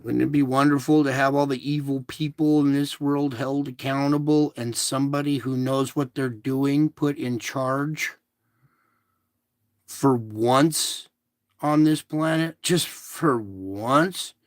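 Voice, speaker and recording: A man hosting a casual spiritual show, talking in a slow, soothing, repetitive way to reassure his listeners. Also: medium pitch, fairly even intonation, no echo, studio quality. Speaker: show host. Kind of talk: casual spiritual livestream talk.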